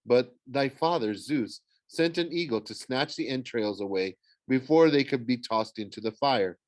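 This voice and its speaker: A man's voice: medium pitch, moderate pace, a little mellow, dry recording, natural voice. A man voicing a solemn young huntress. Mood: grave. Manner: formal, old-fashioned speech.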